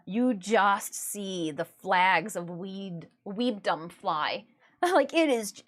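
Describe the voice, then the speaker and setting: A woman from Michigan chats on her livestream from home. Her talk is self-mocking and full of giggles, and her pitch swings widely. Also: lively intonation, slow. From Michigan, USA. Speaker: livestreamer and artist. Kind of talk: casual livestream chat.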